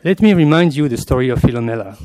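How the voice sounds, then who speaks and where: A man's voice: mid-range voice, animated, darkish tone. Man giving a scholarly literature lecture. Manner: measured and scholarly, slipping in Latin and French terms. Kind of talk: academic lecture read from a paper.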